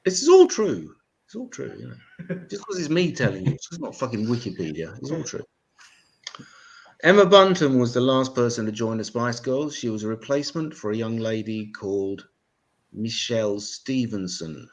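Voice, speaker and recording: An English man hosting a stand-up comedy show, talking to the audience with sarcastic, swearing asides and deadpan jokes, on a stage mic in a live venue. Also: mid-range voice, normal speed, low-quality recording.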